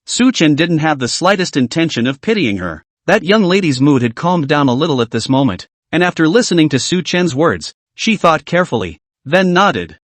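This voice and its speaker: Lively male recap narrator. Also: on the high side, moderate pace, hardly any pauses, no echo. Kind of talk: scripted story narration.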